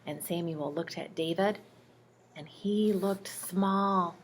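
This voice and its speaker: A woman telling bible stories to a child, gentle and speaking directly to the listener. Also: lowish voice, takes it slowly, a little hiss or hum. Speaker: storyteller reading to a child. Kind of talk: bedtime bible storytelling.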